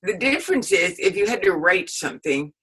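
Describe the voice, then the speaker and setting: Older woman historian, bright husky voice, rambling anecdotal interview answers. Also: mid-range voice, animated, fairly quick, rough recording. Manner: rambling and anecdotal, laughs often. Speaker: historian and author being interviewed. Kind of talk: casual spoken recollection.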